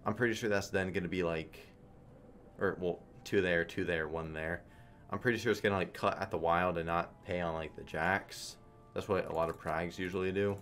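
A man with a low, deep voice gives loose, profane running commentary on his own slot play, cursing and reasoning aloud in a frustrated tone. Faint music plays underneath. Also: fairly even intonation, moderate pace, a bit bright. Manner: frustrated, swearing, thinking aloud. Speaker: online slot streamer.

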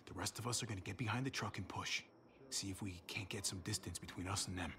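An actor playing a calm, firm male survivor leading a group in a game, over music. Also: deep voice, fast talker, slight background noise. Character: steady grown male survivor leader. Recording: game audio with music behind.

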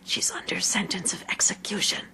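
A woman's voice: sits high, wildly swooping pitch, moderate pace, a little hiss or hum, pitched above the performer's own voice. A woman whispering as a frightened white rabbit. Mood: anxious hush. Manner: timid, hushed, whispering. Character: timid anxious male white rabbit.

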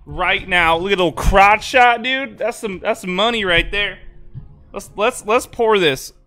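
Exasperated high-voiced young streamer man. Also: a little slow, sharp tone, soft background music. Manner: exasperated, rambling with stammered restarts. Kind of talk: casual live-stream chat.

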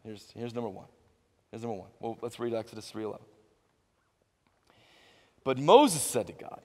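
High-pitched pastor guy preaching, keeps restarting words, acts out little conversations, echoey church hall. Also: normal speed, pauses often. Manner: animated, repeats words and restarts often, acts out little dialogues. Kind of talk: sermon. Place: church sanctuary.

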